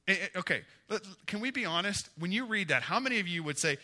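Guy preaching a sermon, real bright tone, gets animated and emphatic. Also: high-pitched, brisk. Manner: conversational, asks the congregation questions. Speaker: pastor.

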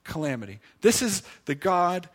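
A man preaching a sermon as pastor, earnest and pleading, slowing for emphasis and dropping to a hush. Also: high voice, big pitch swings.

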